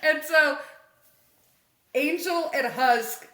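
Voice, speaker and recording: Animated woman recapping comics, echoey room. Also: sits high, very slow. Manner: animated storytelling, acts out characters' lines, laughs often. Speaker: podcast co-host. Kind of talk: casual comic recap chat.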